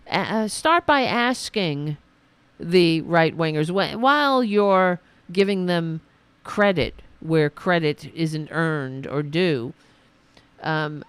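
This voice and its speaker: A woman hosting a political commentary podcast, ranting sarcastically and mocking opponents in high put-on voices. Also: expressive, takes it slowly, clear, resonant tone, no echo.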